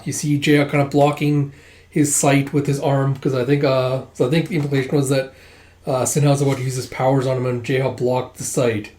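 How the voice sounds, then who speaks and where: A man giving casual read-through commentary on a manga, rambling with frequent filler words and quick asides. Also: medium pitch, darkish tone. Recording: roomy echo.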